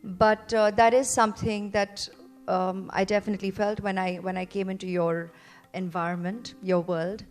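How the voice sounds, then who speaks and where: A woman in her forties from India, a parent giving a heartfelt testimonial speech to a seated audience, earnest and gentle, with many fillers and repeated phrases. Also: mid-range voice, little pitch movement, moderate pace. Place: event venue before a seated audience.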